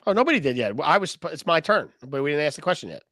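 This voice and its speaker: A man's voice: fairly high pitch, big pitch swings, racing, fairly bright tone, no room sound, studio quality. A man co-hosting a real estate podcast, joking around, swearing and chatting casually. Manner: joking, profane, talkative. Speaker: podcast co-host. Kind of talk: casual chat.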